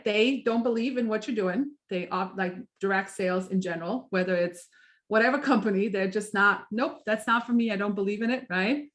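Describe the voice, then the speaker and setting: A woman's voice: fairly high pitch, a bit bright. A middle-aged woman leading a live sales training chat, upbeat and chatty, who keeps asking "right?" and acts out little examples. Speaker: direct sales team leader.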